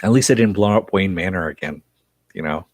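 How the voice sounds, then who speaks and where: Man, TV reviewer, casual rambling recap, lots of fillers, fairly low voice, dry room. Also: fairly quick, no room sound. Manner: rambling, filler-heavy retelling. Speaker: TV episode reviewer.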